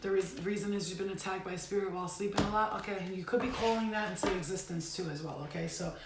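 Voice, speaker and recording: A woman tarot reader gives a casual spiritual reading in her bedroom, speaking bluntly and emphatically with occasional swearing. Her mid-range voice is fast, and the room is echoey and very noisy.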